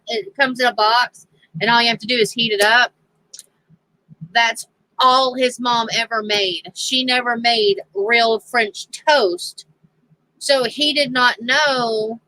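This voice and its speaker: A woman's voice: high voice, bright, forceful tone, dry recording, poor audio. A woman telling a casual story on her crafting channel, chatty and laughing often as she quotes others.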